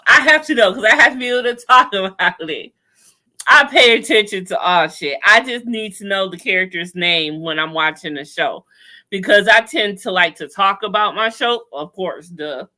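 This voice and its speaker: A woman hosting a casual chat over a video call, talking in an animated, sassy way with lots of slang and laughter. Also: mid-range voice. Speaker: podcast host recapping a TV show.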